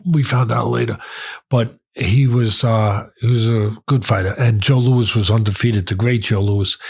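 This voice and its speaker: A man's voice: lowish voice, steady tone, normal speed, gravelly, darkish tone, husky. A middle-aged man, a boxing trainer telling stories in an interview and repeating phrases for weight. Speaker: guest, boxing trainer and commentator. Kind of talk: storytelling in conversation.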